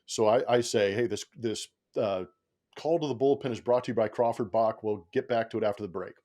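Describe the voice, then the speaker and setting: A man's voice: on the low side, fairly quick, warm tone. A man who works as a baseball broadcaster, a podcast guest telling a story in casual chat, acting out quotes and often laughing.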